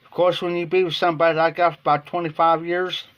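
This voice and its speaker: A man's voice: a little high, flat delivery, fast talker, a bit bright, clean tone. Folksy Ohio man telling a rambling story. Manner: folksy, rambling anecdote with quoted dialogue. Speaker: live streamer. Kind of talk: casual storytelling. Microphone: phone or webcam on a live stream.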